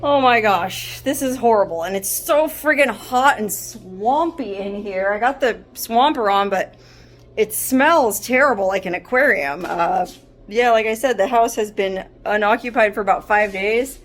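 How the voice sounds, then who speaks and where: A woman's voice: mid-range voice, unhurried, faint music behind. Young woman vlogging, upset and sorry, laughs nervously now and then. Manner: distressed, apologetic, with nervous laughs. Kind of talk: casual vlog talk to camera. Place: hot house and shaded yard.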